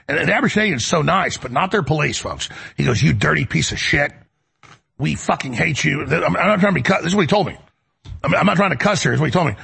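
A man's voice: fairly high pitch, expressive, racing, a bit bright. A man hosting a talk show, delivering a heated, rambling monologue with emphatic repetition, from the United States. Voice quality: gravelly, raspy. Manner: emphatic, rambling, repeats words.

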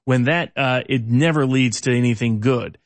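A man's voice: mid-range voice, normal speed, no room sound. A man hosting a political interview, asking long, conversational questions. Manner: conversational, with fillers and restarts. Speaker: interview host.

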